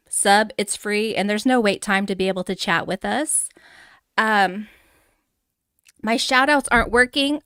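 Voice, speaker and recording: A bright, fairly high-voiced woman chatting live with her stream audience in an eager, giggly rush. She calls out her viewers one by one with bubbly warmth. The sound is dry and close, with no room around her. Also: smooth, no echo. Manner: greets chatters warmly by name. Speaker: livestream host.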